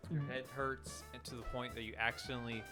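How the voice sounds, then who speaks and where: A man's voice: medium pitch, little pitch movement, quick pace, music in the background. A man co-hosting a casual podcast and making laid-back, wry asides. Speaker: podcast co-host. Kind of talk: casual chat.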